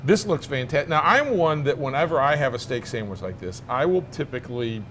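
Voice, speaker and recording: A man's voice: mid-range voice, lively intonation, brisk, a bit bright, slight background noise. A middle-aged man hosting a casual food-tasting chat in a restaurant, talking in a chatty, jokey way with many stammered restarts. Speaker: news show host.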